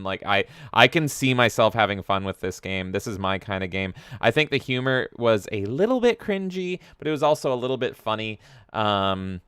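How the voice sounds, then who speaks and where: A man's voice: medium pitch, lively intonation, fairly quick, a bit bright, smooth, dry recording, studio quality. A man co-hosting a live-stream podcast who chats casually and with animation and swears often. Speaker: podcast co-host.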